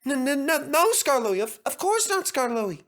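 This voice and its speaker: A man's voice: extremely high pitch, big pitch swings, moderate pace, fairly bright tone, voice pushed up, full character voice. A man voicing a group of frightened female railway coaches that stammer meekly. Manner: stammering, meek.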